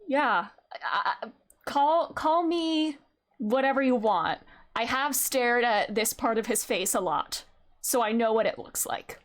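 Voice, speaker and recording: A young woman streaming a game, chatting casually with her viewers in an excitable way, with lots of gasps and fillers. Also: sits high. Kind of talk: casual live-stream chat.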